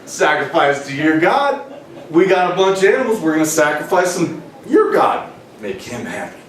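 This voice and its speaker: A man's voice: fairly high pitch, big pitch swings, normal speed, a little hiss or hum. A man voicing a brash young king who makes breezy excuses, talking casually with slang and laughs. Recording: roomy hall, distant mic, faint ambience.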